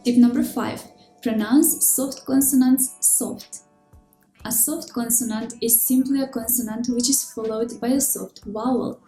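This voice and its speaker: A woman giving scripted, clear and measured pronunciation lessons, slowing down to demonstrate sounds. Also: on the high side, dark tone. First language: Russian. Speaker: language teacher. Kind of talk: scripted instructional narration. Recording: roomy echo with faint background music.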